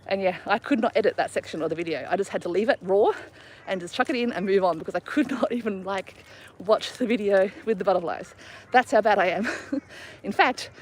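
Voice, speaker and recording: A middle-aged woman hosting a casual live stream while walking her dog outdoors, a little out of breath, chatting and laughing at herself as she tells stories. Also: mid-range voice. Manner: chatty, laughing, self-mocking storyteller. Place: outdoors on a walk.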